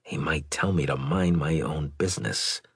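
Man doing a worn-out dutiful sergeant, deferential, husky low voice, dry close sound. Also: normal speed, fairly bright tone, no echo, heavily acted. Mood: guarded. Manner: tired and deferential. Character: weary dutiful male sergeant, mid-career.

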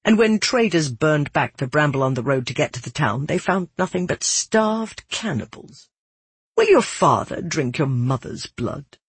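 A man's voice: on the high side, big pitch swings, measured pace, husky, dry recording, exaggerated voice. A narrator voicing an arrogant young nobleman who sneers and threatens in a cold, menacing way. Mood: contemptuous.

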